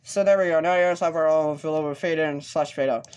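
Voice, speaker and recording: Guy doing a casual screen tutorial on his computer mic, lots of um and restarts, kinda halting. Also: fairly high pitch, fairly even intonation, darkish tone, clear, resonant tone, faint music behind. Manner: hesitant, halting, with many fillers and restarts. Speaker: tutorial host.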